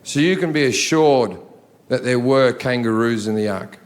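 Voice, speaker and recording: A man's voice: medium pitch, moderate pace. A man in his thirties doing a profane, ranting stand-up comedy set on a theatre stage into a handheld mic. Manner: profane, ranting, ramps up to shouting. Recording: live theatre with audience. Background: audience laughter.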